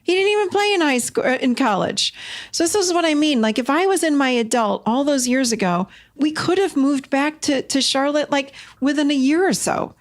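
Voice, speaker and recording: A middle-aged woman talks on her solo podcast in a casual, expressive way. Her delivery lifts sharply when she makes a point and sinks into low, confiding asides. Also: moderate pace. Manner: animated and expressive, swings between bright emphasis and low confiding asides. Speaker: podcast host.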